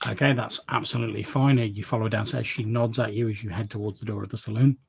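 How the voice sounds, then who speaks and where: A man's voice: on the low side, fairly even intonation, fast talker, creaky, a little hiss or hum. A man narrating as game master, often restarting his phrases as he describes scenes. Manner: frequent stammered restarts.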